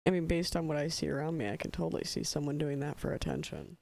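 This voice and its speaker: A podcast co-host with a heavily gravelly voice, full of vocal fry. The delivery is casual and conversational, with dry, wisecracking asides about a true-crime case. The pitch stays in a middle range. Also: steady tone, fast, darkish tone.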